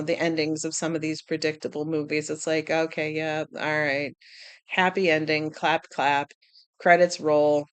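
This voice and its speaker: A woman vlogger chatting casually about writing, animated, laughing often and acting out little quotes. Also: medium pitch, dry recording. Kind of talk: casual chat.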